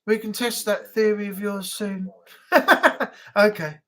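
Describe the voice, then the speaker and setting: A man's voice: high voice, slow, fairly bright tone. A man hosting a casual live-stream chat, talking in a rambling, easygoing way with frequent laughs.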